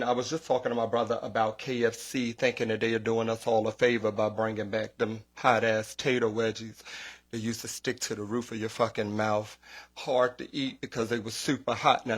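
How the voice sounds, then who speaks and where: Animated, profane podcast host, man. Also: medium pitch, moderate pace. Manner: profane, animated storytelling with quoted voices. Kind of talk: casual comedic podcast rant.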